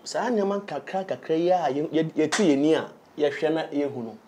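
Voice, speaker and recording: A man's voice: a little high, fairly quick, dark tone, a little hiss or hum. A man with a Ghanaian accent talking on a podcast panel, mixing English and Twi in a rambling way. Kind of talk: casual panel discussion.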